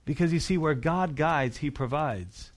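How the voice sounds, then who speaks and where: A male pastor delivers a sermon in a church. His voice sits a bit on the high side, and he keeps the preaching conversational, leaning on rhetorical questions to draw listeners in. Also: unhurried.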